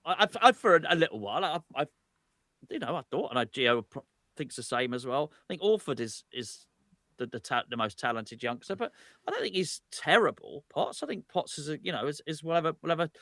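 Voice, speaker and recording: A man co-hosting a casual fan chat, talking in an animated way, stammering and repeating words as he starts each point. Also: fairly high pitch, a little fast, no room sound, studio quality. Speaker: co-host of fan channel. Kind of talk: casual live watch-along chat.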